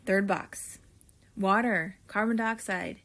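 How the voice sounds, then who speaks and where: A woman teacher talking students through a video lesson, slow and deliberate, thinking aloud while she writes and speaking to them directly. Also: mid-range voice, fairly even intonation, fairly bright tone. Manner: friendly, addresses students directly. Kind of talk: classroom video lesson, filling in notes.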